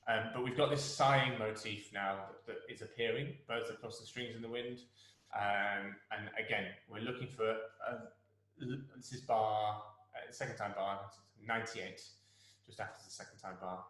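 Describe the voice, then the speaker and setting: A man's voice: lowish voice, fairly even intonation, moderate pace, fairly bright tone. A man conducting an orchestra, talking players through a movement in an encouraging way and singing phrases to show them. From England. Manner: encouraging, sings phrases to demonstrate. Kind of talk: rehearsal guidance to musicians. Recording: very echoey room.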